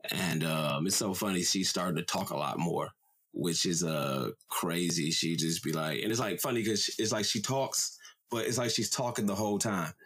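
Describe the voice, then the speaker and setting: A young man co-hosts a laid-back podcast from home, his voice sitting low. He rambles loosely, stacks up fillers and cusses freely as he talks. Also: normal speed, fairly bright tone, breathy edge. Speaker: podcast co-host. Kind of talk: casual podcast chat.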